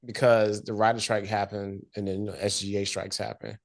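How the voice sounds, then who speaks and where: A man co-hosting a casual movie review podcast, relaxed and slangy, thinking out loud. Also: fairly low pitch, fairly quick, gravelly. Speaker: podcast co-host.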